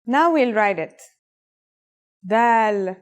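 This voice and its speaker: A woman's voice: fairly high pitch, animated, a little slow, dull audio. A woman narrating a scripted language lesson in an upbeat, encouraging way. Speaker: language teacher.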